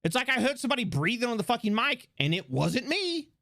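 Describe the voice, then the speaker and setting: A man streaming live, chatting excitably, swearing and rambling with restarts into a desk microphone. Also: very high voice, fast, gravelly. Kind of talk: casual live-stream chat.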